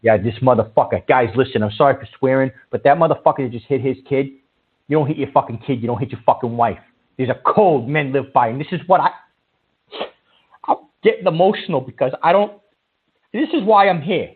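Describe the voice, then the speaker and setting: A man hosts a comedy call-in show in a husky, grainy voice. He lectures bluntly and swears freely. The sound is tinny and phone-like. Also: mid-range voice, fast. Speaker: radio call-in show host. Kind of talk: comedic call-in radio bit.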